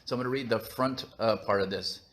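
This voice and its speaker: A man's voice: fairly low pitch, a little fast, a bit bright, slight background noise. A man hosting a casual live-stream vlog, chatting in a goofy, rambling way while he reads viewer comments. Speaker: vlog host reading live chat.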